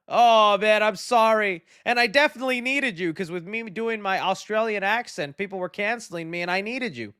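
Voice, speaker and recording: Male livestream host with a high, bright-pitched voice; relaxed and chatty, dry close sound. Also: moderate pace, hardly any pauses, clean tone, no room sound. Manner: relaxed, friendly and chatty, trailing off often. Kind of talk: casual livestream chat, reading viewer donations.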